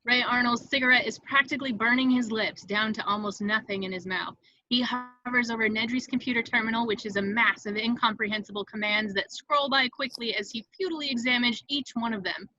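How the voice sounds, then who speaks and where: A woman reads the stage directions with dramatic, expressive energy. Her voice is bright and slightly high. The sound is dry, close and a little muffled and lo-fi. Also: brisk, few pauses. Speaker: narrator reading stage directions. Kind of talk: table read narration.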